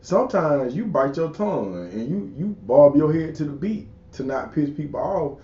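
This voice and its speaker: A man's voice: on the high side, big pitch swings, moderate pace, mellow, echoey room, lo-fi sound. A man hosting an interview, laid-back and slangy, often affirming his guest. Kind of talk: casual interview chat.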